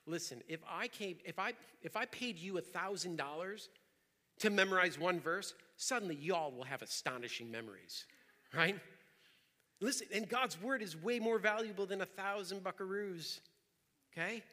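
A young adult man preaching in a lively, conversational style, often repeating himself. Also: high-pitched. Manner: energetic, conversational preaching with repetitions. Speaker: pastor. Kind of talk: sermon. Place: church hall. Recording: reverberant hall.

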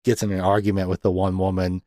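Speaking fast in a low voice, a man hosts a casual podcast about movies, animatedly retelling scenes, performing quotes, and laughing often. It's a dry, studio-quality recording.

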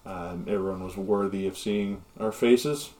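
A smug red-bearded dwarf leader in a tabletop game brushes everyone off, as a man puts him on. The voice sits low and offhand, with a dismissive tone. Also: measured pace, warm tone, a little hiss or hum.

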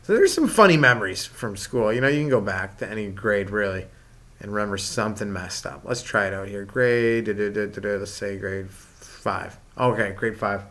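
A man doing a rambling stand-up comedy monologue, his voice jumping up in pitch and volume as he gets worked up. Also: moderate pace. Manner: animated, jumps in pitch and volume when ranting.

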